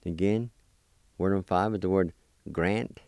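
Slow, deep-voiced man teaching words. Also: steady tone, a little mellow, smooth, no echo. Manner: patient, spells letter by letter and repeats words slowly. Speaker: language teacher. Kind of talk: slow spelling and pronunciation lesson.

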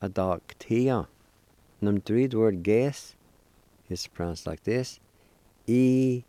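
A man with a low, mellow voice leads a language lesson. He speaks at a very unhurried pace, sounding each syllable out and repeating words for beginners. The recording is close and dry. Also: no room sound. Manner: slow, deliberate, repeats and spells out syllables; encouraging toward beginners. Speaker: language teacher, weekly program host.

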